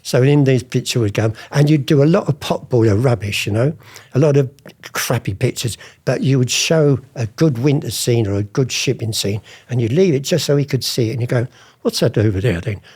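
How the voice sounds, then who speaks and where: This older interviewee, once an art forger, talks a little fast in a mid-range voice with a darkish tone and breathy edge. He chats through his anecdotes, acting out past dialogues in different voices.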